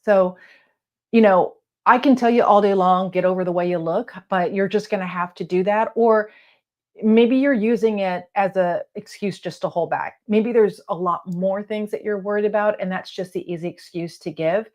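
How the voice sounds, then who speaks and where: A woman talking casually to camera from her office as a coach, blunt and encouraging, with some letters not said crisply. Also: mid-range voice, moderate pace. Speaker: real estate video coach. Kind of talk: casual advice talk to camera. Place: home office lit by lamps.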